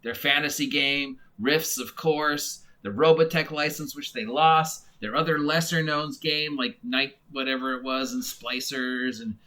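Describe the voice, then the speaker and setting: A man's voice: mid-range voice, fairly even intonation, measured pace, few pauses, bright, forceful tone. A man giving a casual, rambling monologue as a game reviewer, full of fillers and restarts. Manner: mock voices when imitating others.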